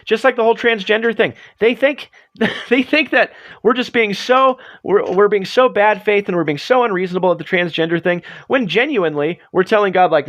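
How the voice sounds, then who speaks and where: A man's voice: sits high, fairly quick, hardly any pauses, a bit bright. A man hosting a livestream, chatting casually in a rambling, self-deprecating way. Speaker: livestream host. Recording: dull lo-fi stream audio.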